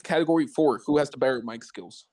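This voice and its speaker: A man hosting a casual podcast debate, weighing both sides in a measured way and keeping score. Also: mid-range voice, recorded from a distance. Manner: measured, even-handed, moderating.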